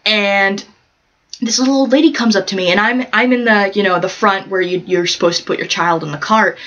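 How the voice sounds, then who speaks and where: A woman's voice: mid-range voice, brisk, a bit bright, lo-fi sound. A woman from the United States telling childhood stories to camera in a vlog, laughing often and acting out the voices of people in them. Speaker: vlogger. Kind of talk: casual storytelling to camera.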